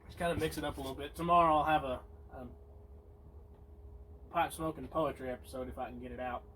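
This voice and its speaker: A man's voice: medium pitch, fairly even intonation, quick pace, a bit bright. A man hosting a casual pipe-smoking chat, laid-back and folksy. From Tennessee. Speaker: host. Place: front porch, outdoors. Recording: distant mic with faint outdoor noise.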